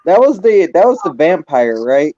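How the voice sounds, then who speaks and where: A man's voice: fairly high pitch, sing-song, normal speed, dark tone, slight background noise. A man hosting a stream, chatting casually and reacting in a laid-back, amused way. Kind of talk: casual chat. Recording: dry, dull lo-fi mic.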